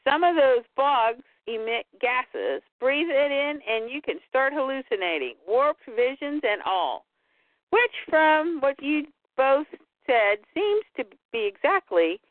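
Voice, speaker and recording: A folksy old farmer grandpa, homespun and reassuring, as a woman reads him out. The voice is fairly high and runs lively, and the recording is thin and dry like a phone call. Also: slow pace, no room sound, exaggerated voice. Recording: dry tinny phone-like sound.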